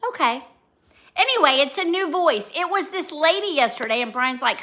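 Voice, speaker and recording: Woman chatting on a livestream, reading comments, high bright voice, talks to her viewers by name. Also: very animated, moderate pace. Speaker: vlogger and livestream host.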